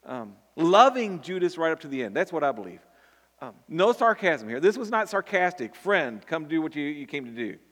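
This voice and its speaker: A man's voice: fairly high pitch, big pitch swings, moderate pace, a bit bright. A man preaching a sermon earnestly, often repeating words and building to emphatic peaks. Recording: long hall reverb.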